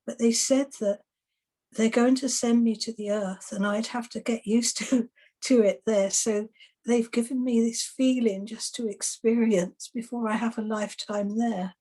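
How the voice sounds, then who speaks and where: A woman's voice: fairly high pitch, unhurried. A woman who works as an exorcist and soul rescuer, casually telling anecdotes about her past client sessions. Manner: relaxed, chatty, recounting past client sessions.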